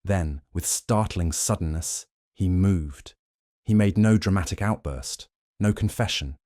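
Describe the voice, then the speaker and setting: A male narrator tells a mystery story in the first person at a steady, measured pace. His voice is low and deep. The recording is dry and close, with no room sound. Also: no room sound. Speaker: audiobook narrator.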